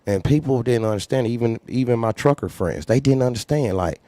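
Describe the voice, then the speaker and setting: A man's voice: medium pitch, a little fast, hardly any pauses, warm tone, no room sound. A man who runs a trucking company, candidly telling a story in a blunt, profane way and repeating phrases for emphasis. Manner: acts out others' lines in raised voice.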